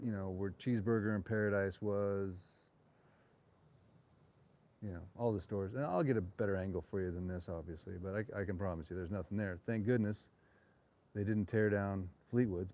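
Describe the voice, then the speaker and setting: On a town street at night, a middle-aged man hosts a live walking tour, caught outdoors on a phone. His voice is lowish and dark, and he rambles, digresses, and throws in chatty asides.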